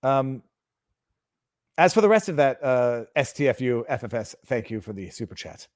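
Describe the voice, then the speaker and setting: A man's voice: medium pitch, animated, normal speed. A man hosting a political livestream, heated and sarcastic, building to outraged emphasis and then reading viewer chats. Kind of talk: impassioned political rant on a livestream.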